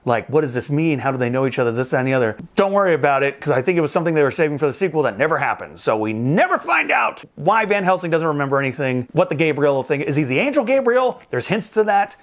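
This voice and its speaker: A man's voice: fairly high pitch, very animated, quick pace, hardly any pauses. A man hosting a casual movie review show, recapping the plot with jokes, exasperated asides and casual swearing.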